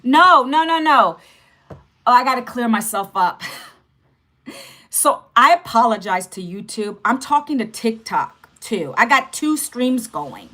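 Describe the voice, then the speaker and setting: A woman in her fifties hosts a livestream in a casual, direct way. Her voice sits a little high, and she keeps checking in with her viewers. Her talk is loose and chatty. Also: animated, measured pace, pushed and bright. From United States. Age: 50s. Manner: chatty, direct, repeats "okay" and "guys". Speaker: livestream host.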